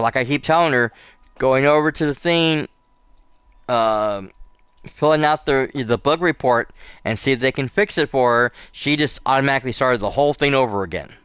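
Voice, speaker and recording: A man's voice: medium pitch, a bit bright, clean tone, dry recording. A man hosting a casual let's play, chatting in a rambling way with lots of fillers and restarts. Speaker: gaming channel host.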